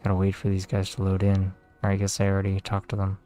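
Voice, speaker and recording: A man giving casual, relaxed commentary while playing a game, tired and talking to himself with some swearing. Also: sits low, quick pace, faint music behind. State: tired, yawning. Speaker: gaming video creator.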